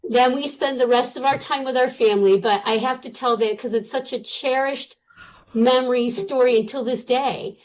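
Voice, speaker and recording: A middle-aged woman guest telling a personal story in a casual, animated way, with many fillers. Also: on the high side, normal speed, poor audio.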